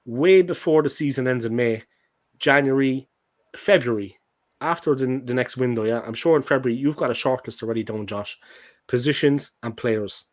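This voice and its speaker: A man's voice: mid-range voice, moderate pace. Joking, rambling Irish man. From Ireland. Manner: jokey, rambling, chatty. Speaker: guest. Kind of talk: casual football podcast chat.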